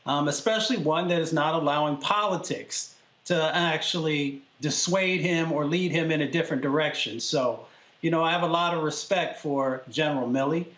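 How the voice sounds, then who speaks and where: Male panelist, earnest and steady, higher voice, muffled echoey remote line. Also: normal speed. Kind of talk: political discussion.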